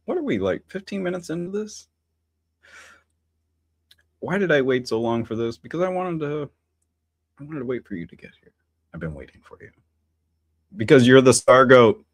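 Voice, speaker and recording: A man with a mid-range voice, captured on a dry recording, hosts a casual solo livestream. He muses philosophically and rambles, full of fillers and restarts, while chatting aside to his viewers.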